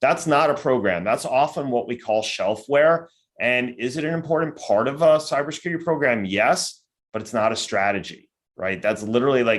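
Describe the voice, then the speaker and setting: A man of ordinary, middle pitch delivers a virtual conference lecture. He talks conversationally rather than stiffly, checking in with the audience through quick tag questions. He now and then acts out the doubts of his listeners in quoted voices. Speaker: cybersecurity company executive giving a lecture.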